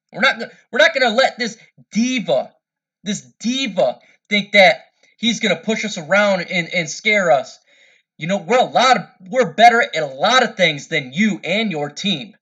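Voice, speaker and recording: A man's voice: high voice, a bit bright, dull audio. A man delivering a heated, angry sports rant, repeating himself and stumbling over restarts. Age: older than 13-year-old's parent, adult. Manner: angry, repetitive, stammering restarts. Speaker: fan commentator.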